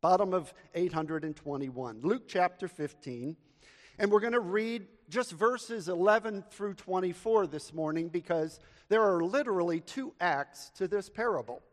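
A high-voiced pastor speaks to his congregation in a warm storytelling tone that moves between earnest prayer and a joke-told anecdote. His voice echoes with the long reverb of a church hall. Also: normal speed. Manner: earnest, storytelling with audience call-and-response. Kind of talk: sermon with prayer and humorous anecdote. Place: church sanctuary.

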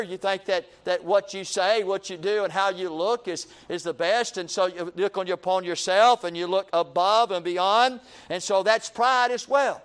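Guy preaching a sermon, high smooth voice, keeps repeating lines and saying friend. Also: fairly bright tone. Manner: repetitive preaching cadence, addresses listeners as friend.

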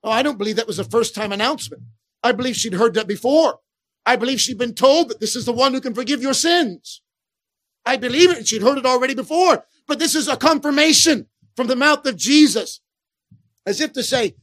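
A man preaching a sermon, swinging between hushed, tender passages and loud shouted appeals. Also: very high-pitched, fairly quick, no room sound.

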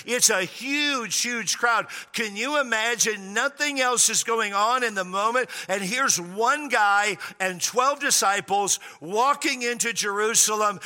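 A male pastor preaching a sermon in an animated, joking way, stretching key words out for emphasis. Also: sits high, big-room sound.

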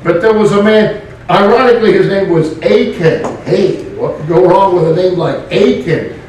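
A man's voice: sits high, moderate pace, slight background noise. Preacher man in a very echoey room. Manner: animated, with joking asides. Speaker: pastor. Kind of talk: sermon. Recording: very echoey room, mic far off.

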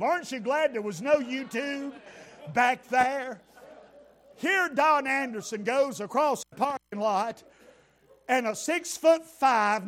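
High-voiced, unhurried preacher man. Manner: folksy, builds to shouted praise. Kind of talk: humorous storytelling sermon.

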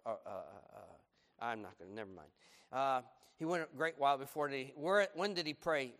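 Preacher with a drawl in a reverberant hall. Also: male voice. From United States. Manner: dynamic, swinging from loud and animated to hushed and low. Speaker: pastor. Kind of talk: sermon.

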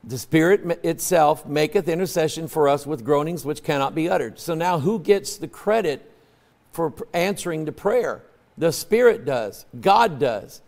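A male preacher delivering a sermon in a folksy, conversational way, swinging from loud emphatic peaks to low quiet asides. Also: animated, moderate pace, vocal fry. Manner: folksy, conversational, acts out quoted voices.

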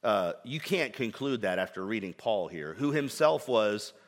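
A man's voice: on the low side, animated, normal speed, in a large hall. A man preaching a sermon with earnest emphasis and frequent rhetorical questions. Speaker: pastor.

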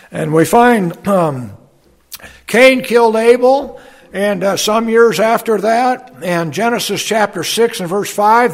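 A man preaching a sermon as a pastor, unhurried, with fillers and folksy asides as he reads scripture aloud. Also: sits high, vocal fry, slightly rough.

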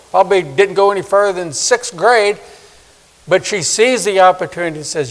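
A man in his sixties preaching a sermon, swinging from loud emphasis to hushed, soft asides. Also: sits high, lively intonation, fairly quick. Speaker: pastor. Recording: long reverb of a large hall.

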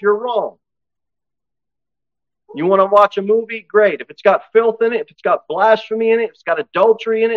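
Preacher, male, fairly high voice, dry lo-fi sound; punchy exhortation, slows to read verses. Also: no echo. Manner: swings from loud exhortation to low, intense asides; reads scripture aloud, slowing for emphasis. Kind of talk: sermon. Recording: dull, dry lo-fi recording.

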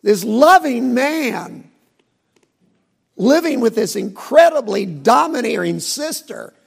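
A middle-aged man preaching a sermon in a folksy, storytelling way, his voice pitched high and gravelly. He swings widely up and down, with a husky edge to every phrase. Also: takes it slowly. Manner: folksy, animated storytelling with asides. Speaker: pastor.

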